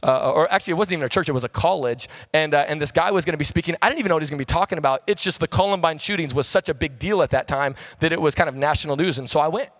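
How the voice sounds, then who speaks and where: A man in his thirties preaching a sermon as pastor, telling stories in a casual, animated way with slang. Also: a little high, rapid-fire, hardly any pauses. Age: 30s.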